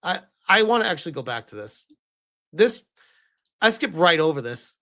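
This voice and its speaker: A man's voice: a little high, sing-song, normal speed, pushed and bright. A man commenting live on a stream, emotional and rambling, often restarting his sentences.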